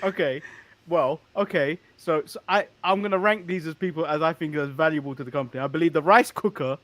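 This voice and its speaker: English guy co-hosting a wrestling chat, fairly high voice, giggly, trips over his words, dry close sound. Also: fairly quick, fairly bright tone, no room sound. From England. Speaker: co-host. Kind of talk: casual wrestling recap chat.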